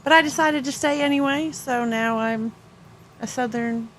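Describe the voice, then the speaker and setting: A woman's voice: high-pitched, moderate pace, a bit bright. Joking woman in her thirties, faint hiss. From Maine. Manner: self-deprecating, joking. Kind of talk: casual chat.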